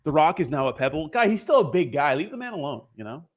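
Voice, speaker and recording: A man's voice: fairly high pitch, very animated, quick pace. A young man hosts a casual livestream and rambles loosely to his viewers. He swears freely, jokes with the chat, and drifts from topic to topic in an easygoing, unscripted way. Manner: rambling, profane, joking with chat. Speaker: crypto livestream host.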